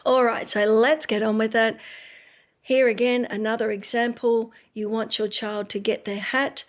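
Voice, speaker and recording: A woman's voice: on the high side, level tone, normal speed. A woman, a speech pathologist giving parents practical advice in a friendly, explaining way that often checks in with the listener. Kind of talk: instructional talk to parents.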